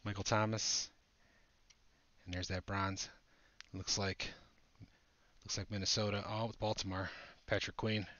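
A man hosting a live trading-card break, chatting excitedly with viewers as he opens packs. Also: lowish voice, measured pace, pauses often, no room sound. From Buffalo area, United States. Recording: dull lo-fi audio.

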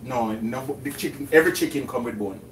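A man's voice: medium pitch, a little fast, recorded from a distance. A Jamaican man co-hosting a home cooking livestream, joking, teasing and humming fanfares. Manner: jokey, sings fanfare sounds, teasing. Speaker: co-host. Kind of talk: casual livestream chat. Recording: noisy home recording.

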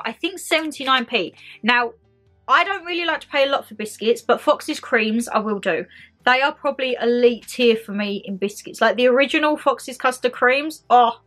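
A young British woman talks through a shopping haul for her viewers in a bright, slightly high voice. She is excitable and chatty and keeps calling her audience "guys". Faint background music plays under her voice. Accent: British English. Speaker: vlogger. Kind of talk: casual shopping haul vlog.

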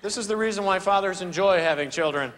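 A young man doing an animated stand-up routine on a theater stage, acting out characters with voices and sound effects. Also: sits high, fast. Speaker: stand-up comedian. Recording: live theater recording with crowd noise. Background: audience laughter.

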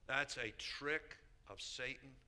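A man's voice: mid-range voice, slow, sharp tone. A man preaching a sermon as a bishop, emphatic, repeating key phrases and calling out to the congregation.

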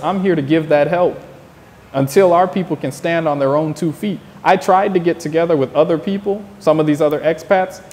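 A man's voice: fairly high pitch, darkish tone, long reverb tail. A man from the United States, interviewed outdoors, talking in a passionate, preachy monologue that keeps repeating its points. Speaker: interview guest.

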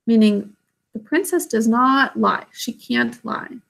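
A woman reading a children's book aloud, pausing to explain the story in plain words. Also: a little high, creaky, fairly bright tone. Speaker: story reader.

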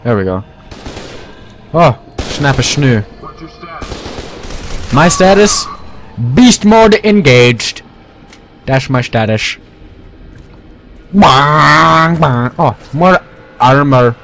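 A young man giving goofy, casual commentary over his own gameplay, talking to his weapons and now and then yelling at them. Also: medium pitch. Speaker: let's play gamer. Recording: faint game noise behind. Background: game gunfire.

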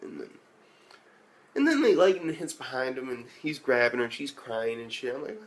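A male anime reviewer talking casually into a mic. He rambles, swears constantly and leans on fillers, with a mid-pitched voice. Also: lively intonation, moderate pace. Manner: rambling, heavily profane, lots of fillers.

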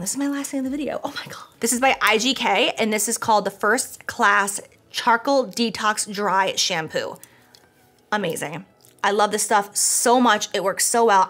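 A woman's voice: mid-range voice, a bit bright. A young woman talks straight to camera in a home vlog, reviewing products she loves. She gushes and chatters freely, with filler words and casual swearing throughout. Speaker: beauty vlogger.

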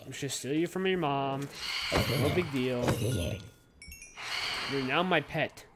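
A man's voice: mid-range voice, a little slow, very noisy. A young man giving casual, goofy commentary while playing a video game and talking to his in-game pet. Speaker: gaming YouTuber.

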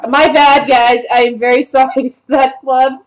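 A woman running a tabletop game as game master, narrating with frequent pauses and restarts. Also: sits high, flat delivery, rough recording. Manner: hesitant, with many fillers and restarts.

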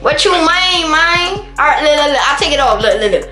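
A woman's voice: high-pitched, animated, fast, hardly any pauses, sharp tone, roomy sound, soft background music. A woman hosting a prank video, talking insistent, slangy street talk on a call and repeating herself over and over.

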